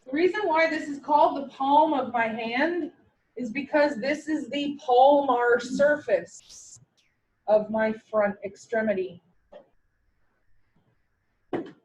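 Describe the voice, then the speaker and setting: A woman teaching a classroom lecture, lively, asking her students questions and answering them herself. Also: high-pitched, a little hiss or hum, poor audio.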